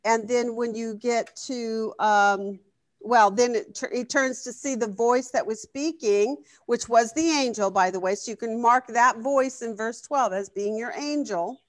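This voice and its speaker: A woman's voice: a little high, measured pace, dry recording. A woman teaching a Bible study class in a conversational way, often asking the group questions. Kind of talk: interactive Bible lesson.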